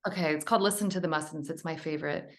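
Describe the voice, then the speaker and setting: A woman's voice: sits low, fast, roomy sound. A woman author as a podcast guest, telling a personal story in an earnest, emotional, rambling way.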